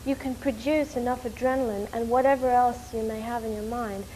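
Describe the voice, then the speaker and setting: Brief: woman from New York, fairly high voice, excitable casual storyteller, faint hiss in a quiet room. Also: rough recording. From New York, USA. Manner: animated, rushing and excitable, with many fillers. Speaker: interviewee.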